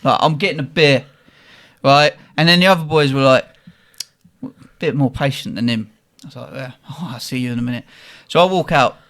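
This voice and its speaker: A young man, co-hosting a podcast and telling a lively, profane story about a night out. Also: medium pitch, fairly quick. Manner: animated, swears freely, quotes people in the story. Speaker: podcast co-host. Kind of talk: casual storytelling.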